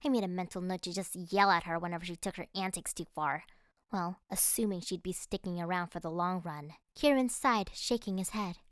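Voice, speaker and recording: A woman narrating a first-person fantasy audiobook in an expressive, dramatic way. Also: lowish voice, fairly quick, no echo, clean studio sound.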